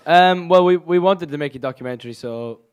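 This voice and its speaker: A young man answering interview questions in a joking, brisk manner. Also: fairly high pitch, clear, resonant tone. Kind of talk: casual press interview.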